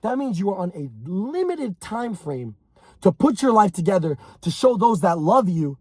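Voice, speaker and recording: A young man giving a blunt, intense motivational monologue, swinging from mocking mimicry to shouting. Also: high voice, big pitch swings, fairly quick, slightly rough, no echo. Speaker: motivational speaker.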